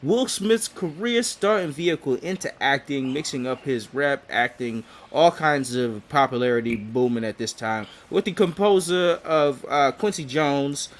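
A man's voice: medium pitch, measured pace, few pauses. Laid-back man recapping a TV show. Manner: relaxed and laid-back, uses slang and laughs often. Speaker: podcast co-host. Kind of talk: casual chat recapping a TV episode.

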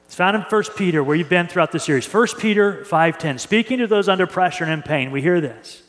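A male pastor preaching a sermon in an earnest way, often repeating and restarting words and reading scripture slowly. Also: sits high, lively intonation, fairly bright tone. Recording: reverberant hall.

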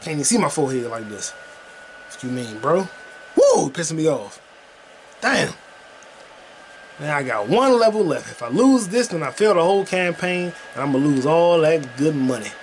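A man's voice: fairly high pitch, animated, normal speed, slight background noise. A man hosting a podcast, chatting casually and profanely while he plays a video game. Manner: rambling, profane, jokey. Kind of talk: casual gaming commentary.

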